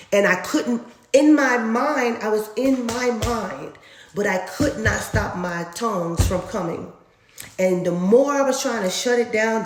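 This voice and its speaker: A woman from Dallas, telling a personal faith testimony in a lively way, acting out sounds and laughing often. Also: medium pitch, background noise. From Dallas, Texas. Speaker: storyteller sharing a faith testimony. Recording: roomy echo.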